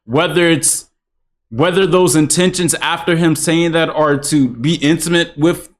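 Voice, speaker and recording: A man's voice: fairly high pitch, steady tone, measured pace. A young man hosting a reaction video, with blunt, rambling commentary and swearing.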